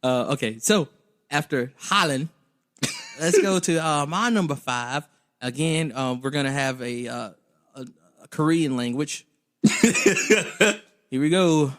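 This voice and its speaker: A young man co-hosting a comedy podcast, reading out facts with frequent giggles in a casual, animated way. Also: mid-range voice, a little slow. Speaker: podcast co-host.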